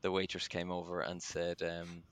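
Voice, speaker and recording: A man's voice: sits low, completely flat delivery, moderate pace, creaky, a crowd in the background. An Irish man hosting a casual podcast chat, chatty and self-deprecating, with plenty of ums. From Ireland. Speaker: podcast host.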